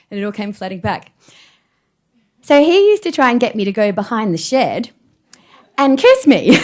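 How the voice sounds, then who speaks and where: A woman in her forties giving a public talk from a stage, telling self-deprecating personal stories with plenty of laughter. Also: mid-range voice. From Australia. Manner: animated storyteller, self-deprecating, laughs often. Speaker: keynote speaker.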